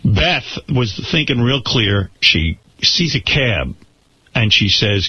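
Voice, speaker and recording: A man hosting a radio talk show, telling a story with animated delivery, acting out what people said and restarting his words as he goes. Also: mid-range voice, takes it slowly, slight background noise. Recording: slightly dull radio broadcast sound.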